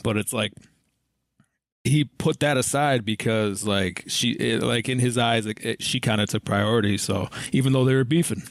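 A man co-hosting a film and TV podcast, talking casually in a halting way with many fillers. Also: mid-range voice, dry recording, studio quality. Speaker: podcast co-host. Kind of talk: casual chat.

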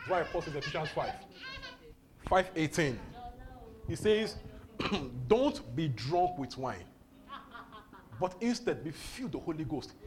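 Exuberant male preacher, high and animated delivery, laughs through his lines, faint room noise. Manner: exuberant, laughing often, repeating phrases. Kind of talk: charismatic sermon.

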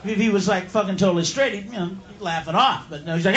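A man doing a profane, rowdy live stand-up routine, yelling his punchlines. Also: high-pitched, quick pace, hardly any pauses, very noisy. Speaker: stand-up comedian. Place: comedy club stage. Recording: echoey live club, loud crowd.

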